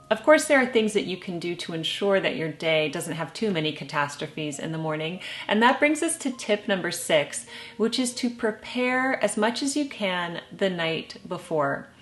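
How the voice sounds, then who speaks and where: A middle-aged woman with a slightly low voice gives morning-routine advice to camera. She speaks in a calm, measured way, with a light touch of humor. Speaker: lifestyle vlogger. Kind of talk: casual advice talk to camera.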